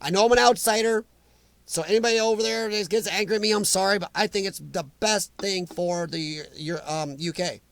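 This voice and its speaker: High-voiced, emphatic American man. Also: fairly quick, vocal fry, a bit bright, no echo. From United States. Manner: rambling and emphatic, answers viewers by name. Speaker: livestream chat host. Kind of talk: casual opinionated live chat.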